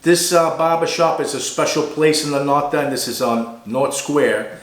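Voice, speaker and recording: A man with a Boston accent hosting a casual interview show, chatty and animated. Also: a little high, normal speed, a little hiss or hum. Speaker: host. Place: barber shop. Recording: echoey barber shop.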